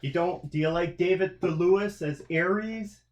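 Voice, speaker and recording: A man's voice: high-pitched, a little slow, muffled recording. A man hosting a casual movie review podcast, prodding his co-host with questions and conceding points. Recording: echoey room.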